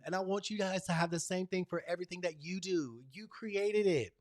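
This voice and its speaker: A man hosting his own live stream, telling stories and giving a spiritual pep talk. He is animated and affectionate, calls viewers y'all and baby, and swings between loud excitement and a soft hush. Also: high voice, moderate pace. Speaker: channel host.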